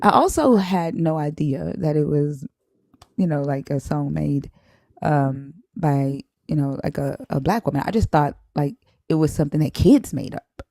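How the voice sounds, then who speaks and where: A woman with a Southern accent hosting a live stream, chatting casually, shouting out viewers and laughing often. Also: low-pitched, moderate pace, vocal fry, no echo, clean studio sound.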